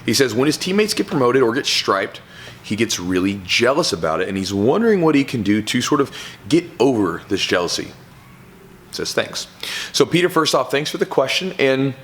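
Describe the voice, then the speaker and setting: A man's voice: medium pitch, fairly bright tone, a little hiss or hum. Casual, rambling jiu-jitsu coach, man. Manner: loose and conversational, with many fillers and "right?". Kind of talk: casual advice talk to camera.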